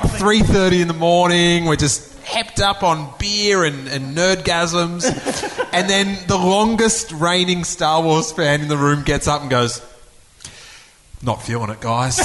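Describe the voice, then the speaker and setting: A man hosting a casual comedy podcast, talking in an animated way and laughing often. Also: a little high, a little hiss or hum.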